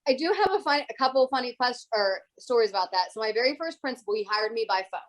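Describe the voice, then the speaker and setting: A woman teacher speaks as an interview guest, her voice sitting a little high. She tells stories in an animated way and slips into the voices of the people she is quoting. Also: fast, low-quality recording. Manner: animated storyteller who acts out other people's voices. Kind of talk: casual interview conversation.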